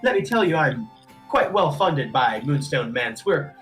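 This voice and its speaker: A man's voice: a little high, very animated, a little slow, fairly bright tone, faint music behind. A man voicing a prim, well-funded woman quest-giver who speaks in formal, genteel phrasing. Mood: courteous.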